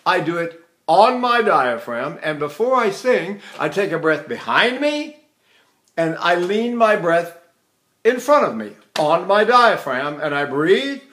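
An older man teaching vocal technique, explaining calmly and breaking into operatic tenor singing and short staccato exercises. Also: high voice, unhurried. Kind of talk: vocal technique lesson with sung demonstrations.

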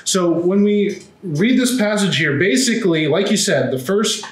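Male co-host, devotional talk, question-prompting, higher pitch, echoey room. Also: lively intonation, moderate pace. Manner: prompting with brief affirmations. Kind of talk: devotional conversation.

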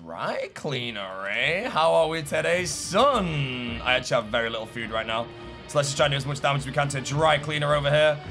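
A man giving live gameplay commentary, excitable, going from low muttering to loud shouts. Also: fast, over music. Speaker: gamer.

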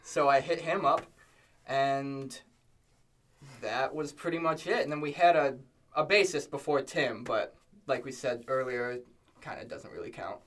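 Matter-of-fact young band member. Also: male voice, medium pitch, unhurried, fairly bright tone. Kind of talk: casual chat.

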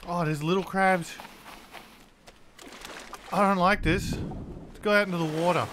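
A man giving casual let's-play commentary as host of his channel, jumpy and quick to exclaim at every scare. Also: high voice, steady tone, a bit bright, a little hiss or hum.

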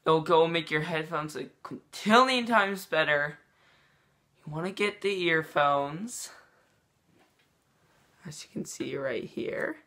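A YouTuber in a joking comedy vlog who talks in a deadpan, mock-dramatic way. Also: medium pitch, slow, pauses often.

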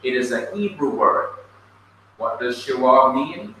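Slow Jamaican man teaching in an echoey room. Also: mid-range voice, expressive, sharp tone. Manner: slow, patient, spells words out letter by letter. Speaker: Bible college teacher. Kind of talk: classroom lecture. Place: classroom. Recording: echoey room, distant mic, faint noise.

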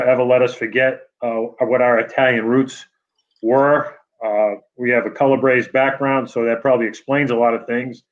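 A man with a New England accent giving an award acceptance speech over a video call, halting with many fillers and restarts. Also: mid-range voice, dull audio. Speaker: award honoree.

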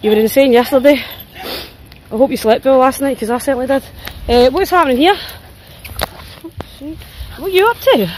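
Tired, high-voiced Scottish woman. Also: moderate pace, pauses often, a little hiss or hum. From Scotland. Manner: chatty, swearing, voicing her dogs' thoughts. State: tired and sore. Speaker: dog walker vlogger. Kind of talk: casual walking vlog. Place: outdoors in woods on a walk.

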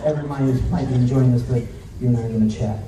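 A man's voice: mid-range voice, steady tone, fast talker. A man working as a stage hypnotist, playfully repeating himself and ordering volunteers around during a live show. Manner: repetitive, playful, commanding audience. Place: large venue with audience. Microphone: handheld stage microphone from afar. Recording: echoey room, distant mic, noisy.

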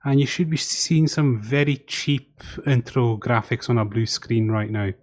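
This podcast host is a man with a medium-pitched voice who speaks at a measured pace. Hosting a laid-back commentary on an online call, he keeps things chatty while organizing the discussion and directing the group.

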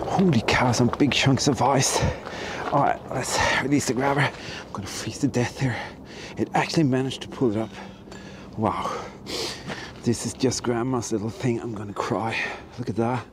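A middle-aged man talking through a casual vlog, excited and talking to himself and to viewers, outdoors in freezing cold and later in a workshop. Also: medium pitch, moderate pace, noisy background. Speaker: history hunting vlogger.

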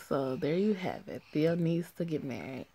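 A woman voicing a stern man who leads a gang, calm and commanding, in an amateur voiced story drama. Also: sits low, moderate pace, vocal fry, heavily acted. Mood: firm.

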